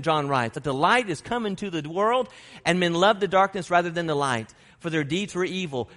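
A male preacher with a high voice delivers an emphatic sermon, driving his points home through repetition. His words ring out in a church sanctuary with a long, lingering reverb. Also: fairly bright tone. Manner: emphatic, repeats key phrases. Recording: long reverb of a large hall.

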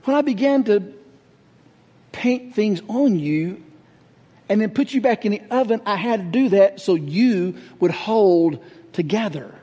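Guy doing calm steady potter, husky voice, slow, lots of echo. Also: high-pitched, highs cut off, pitched below the performer's own voice. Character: patient calm male potter, firm. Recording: echoey hall reverb.

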